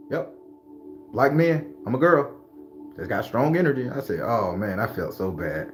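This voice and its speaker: Streaming tarot host, male, mid-pitched voice, loose and profane, laughs a lot, faint music behind. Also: a little slow, pauses often. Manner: animated, profane, laughs often; preachy pep talk. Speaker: tarot reader and spell worker hosting a live stream. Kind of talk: casual live-stream chat, greeting viewers.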